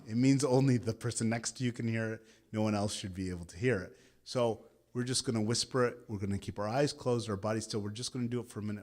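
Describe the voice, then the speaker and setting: A man in his thirties, a meditation teacher giving a guided meditation talk and leading a group in call-and-response chanting at an interfaith gathering. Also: medium pitch.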